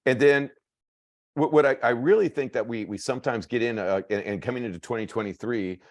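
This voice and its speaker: A man giving a motivational coaching talk, energetic and repetitive, acting out quotes with big jumps in pitch. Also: a little fast, dry recording, clean studio sound. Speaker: network marketing coach.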